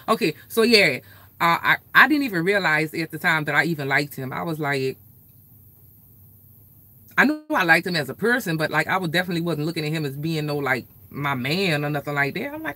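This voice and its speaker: Woman, bright sharp voice, casual vlog storytelling, profane, rambling, animated. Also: sits low, moderate pace, no room sound. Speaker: vlogger.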